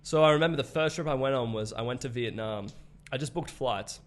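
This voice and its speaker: A man's voice: medium pitch, brisk. Australian man, twenties, podcast guest, casual, swears, laughs a lot. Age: 20s. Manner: swears freely, laughs often, loose storytelling. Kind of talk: casual conversation.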